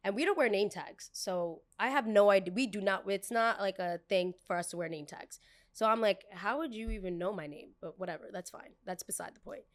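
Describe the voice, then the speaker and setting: A young woman hosts a podcast and tells a story in a lively, casual way. She acts out every line of dialogue and keeps it blunt and profane. Her voice sits at a middling pitch. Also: a little fast. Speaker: podcast host.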